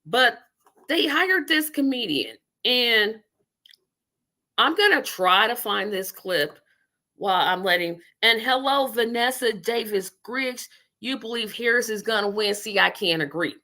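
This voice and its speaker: A woman's voice: on the high side, expressive, unhurried, bright, forceful tone. A woman hosting a casual political livestream, rambling and talking to her viewers while she multitasks. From Indiana. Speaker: livestream host.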